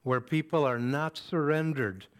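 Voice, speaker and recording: A man preaching a sermon in a slow, measured way, with deliberate pauses between phrases. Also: fairly high pitch.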